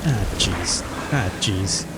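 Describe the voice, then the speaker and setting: A man's voice: low voice, lively intonation, takes it slowly, over loud music. A male streamer in casual gameplay commentary. He chats while he plays and mutters mild curses when things go wrong.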